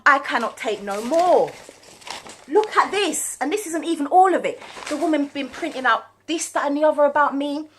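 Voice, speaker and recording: A woman's voice: high voice, brisk, few pauses, slight background noise. A woman, a vlogger and mum, telling a story to camera in an indignant, rambling way. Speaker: vlogger and small business owner. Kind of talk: casual chat to camera.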